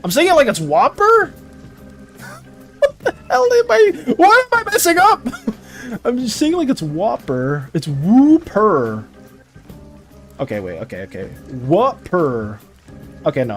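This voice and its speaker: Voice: mid-range voice, sing-song, unhurried, long pauses, fairly bright tone, faint music behind. A streamer chatting casually on a live stream, rambling and giggly while reacting to chat.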